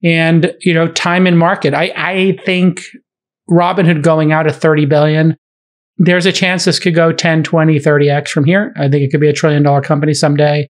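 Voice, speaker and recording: A middle-aged man hosting a podcast, telling stories in animated, laughing casual chat. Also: fairly high pitch, moderate pace. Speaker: podcast host.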